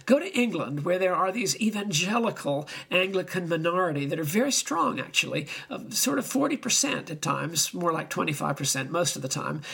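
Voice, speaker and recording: An older man preaching, telling stories in an animated and emphatic way, often chuckling. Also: high-pitched, a little fast, gravelly, few pauses, husky. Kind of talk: anecdotal sermon.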